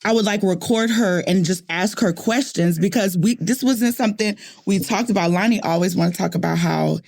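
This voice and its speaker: A woman from New Orleans hosting a podcast, telling stories in animated casual chat and repeating phrases for emphasis. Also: medium pitch, normal speed, vocal fry. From New Orleans, USA. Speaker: podcast host.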